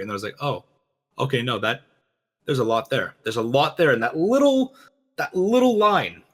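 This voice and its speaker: A man co-hosting a game lore reaction show, talking fast and animatedly, acting out quoted lines. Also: medium pitch, sing-song, fairly bright tone. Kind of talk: casual chat, lore analysis.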